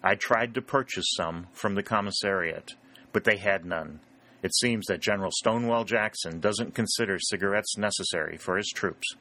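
A man's voice: lowish voice, moderate pace, sharp tone. A man reading the lines of a grave, courtly old colonel in an audiobook.

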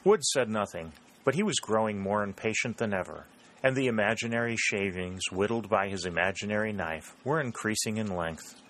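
A man narrating an audiobook in a steady, even reading voice. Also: on the low side, moderate pace, rough recording. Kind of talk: scripted narration of a historical novel.

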